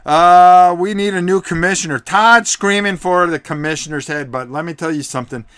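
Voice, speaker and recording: A man hosting a live tabletop wrestling game, commentating in an excitable, rambling way with many fillers. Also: high-pitched, moderate pace, smooth, dry recording, clean studio sound.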